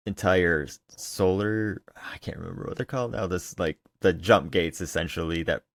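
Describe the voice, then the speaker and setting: A man's voice: low voice, no echo, clean studio sound. A man co-hosting a gaming podcast, explaining at length in casual, rambling chat. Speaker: podcast co-host.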